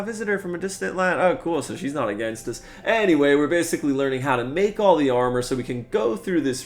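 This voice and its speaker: Laid-back young male gaming commentator. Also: mid-range voice. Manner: chatty and laid-back, constantly says "man". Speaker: gaming video host. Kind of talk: casual gameplay commentary.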